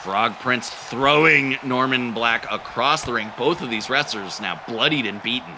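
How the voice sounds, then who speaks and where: A man's voice: medium pitch, unhurried, background noise. A man doing goofy play-by-play wrestling commentary, cracking silly jokes between calls. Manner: goofy, silly jokes, bursts into excited shouting.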